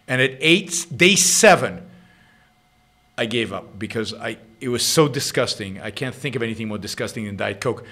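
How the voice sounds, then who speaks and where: A middle-aged man with an Israeli accent hosts his own show, fielding listener questions in emphatic, unscripted commentary packed with repeats and restarts. His mid-range voice sounds pushed and bright.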